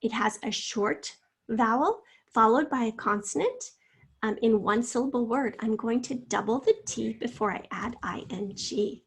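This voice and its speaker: A woman's voice: on the high side, normal speed, breathy edge. A woman teacher giving a recorded spelling lesson, explaining each word patiently and step by step.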